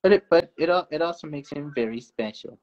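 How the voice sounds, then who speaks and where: A man's voice: animated, fairly quick, noisy background, lightly acted. A man voicing an upbeat, jokey puppet buddy who talks in jumpy bursts, on a dull lo-fi recording. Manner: jumpy, jokey, swings in pitch. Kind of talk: live puppet show chat.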